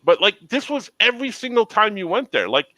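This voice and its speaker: A middle-aged man hosting a casual chat, telling stories in an animated way and acting out the people in them. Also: sits high, brisk, no echo, low-quality recording. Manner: animated storyteller, acts out dialogue. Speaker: host.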